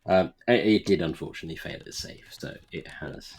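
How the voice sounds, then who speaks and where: A man running a tabletop game as game master, calm and measured, with dry humor. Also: deep voice, husky.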